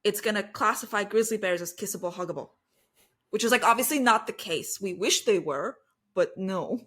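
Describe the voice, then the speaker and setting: A woman's voice: medium pitch, normal speed. A woman co-hosting a podcast, chatting casually and giving playful everyday examples, with a lot of "like". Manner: lively, playful examples, many "like"s. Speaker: podcast co-host.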